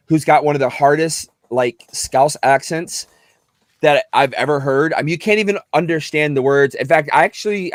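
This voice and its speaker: A man who works as a voice actor, chatting casually as a podcast guest in an animated, thinking-aloud way. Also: a little high, no room sound, clean studio sound.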